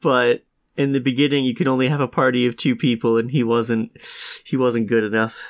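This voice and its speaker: A man's voice: mid-range voice, level tone, brisk. A man co-hosting a casual podcast chat, sick with a cough, telling stories in a dry, wry way. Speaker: podcast co-host.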